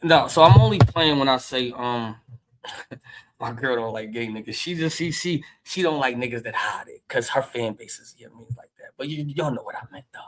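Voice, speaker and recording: A man with a Philadelphia accent hosting a casual livestream, brash and loud, trash-talking and laughing often. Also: mid-range voice, expressive, brisk, a little hiss or hum, low-quality recording. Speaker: livestream host.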